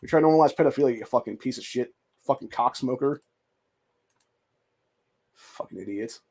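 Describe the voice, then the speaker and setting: A man's voice: medium pitch, brisk, gravelly, darkish tone, husky. A man hosting a political commentary show, reacting to clips with a profane, contemptuous rant. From United States. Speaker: host.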